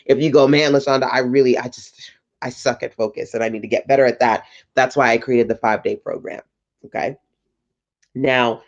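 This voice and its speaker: A woman's voice: extremely low pitch, dull audio. A woman hosting a livestream, giving chatty motivational talk to entrepreneurs, laughing and asking her audience questions. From North Carolina. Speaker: host of a business livestream.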